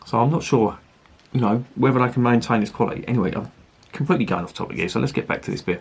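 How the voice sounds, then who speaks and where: A man's voice: medium pitch, fast talker, gravelly, slightly rough. A man reviewing beer in a rambling, chatty and sweary way. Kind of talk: casual review chat.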